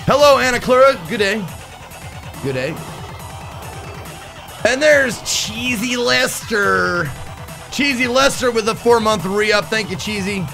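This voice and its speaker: A game streamer chats casually on a live stream, reading viewer messages aloud and often swearing and laughing. His high-pitched voice is animated, slow, and gravelly, pushed and bright, with long pauses over soft background music.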